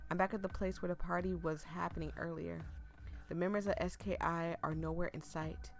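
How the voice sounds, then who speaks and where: A woman reading a story game aloud, breaking off into excited, chatty asides, and losing her voice. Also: on the low side, a little fast, vocal fry, faint music behind. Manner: excitable, chatty asides between read lines. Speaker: gaming streamer. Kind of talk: reading a visual novel aloud with live reactions.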